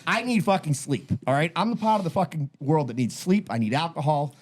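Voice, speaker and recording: A man's voice: fairly high pitch, expressive, a little fast. A man in his thirties co-hosting a podcast, ranting in a tired, exasperated way and swearing constantly. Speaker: podcast co-host. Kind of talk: casual chat.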